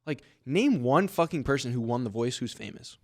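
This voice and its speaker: A man's voice: mid-range voice, expressive, moderate pace, no room sound, studio quality. A young man co-hosting a casual podcast, swearing and skeptical as he chats with friends. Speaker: podcast co-host. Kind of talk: casual chat.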